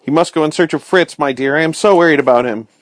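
A man's voice: on the high side, fast, no echo, clean studio sound, pitched above the performer's own voice, close to an everyday voice. A man voicing an anxious wife and mother in a storybook reading, pleading with worry. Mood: worried. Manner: pleading, worried.

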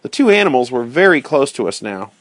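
Man reading a story out loud, steady and clear, dry close sound. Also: medium pitch, brisk, no echo. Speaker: narrator. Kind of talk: storybook read-aloud.

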